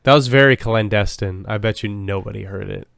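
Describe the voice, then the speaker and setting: A playful man co-hosting a podcast, riffing with jokes in casual chat. His voice sits fairly low, and the recording is dry and close, with no room sound. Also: a little fast, gravelly, a bit bright, no echo. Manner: joking, playful riffs. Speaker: podcast co-host.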